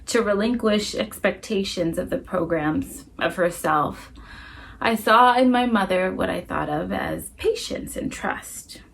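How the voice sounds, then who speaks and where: A woman actor giving a dramatic storytelling performance, reading in a measured, expressive way that moves between soft, hushed passages and a full voice. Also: medium pitch, slight background noise.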